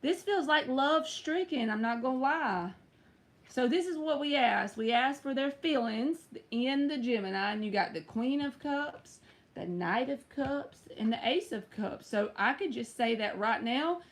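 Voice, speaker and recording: Chatty woman reading tarot live, unhurried. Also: high voice, lively intonation. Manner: chatty, teasing, addresses viewers by name. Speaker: tarot reader streaming live.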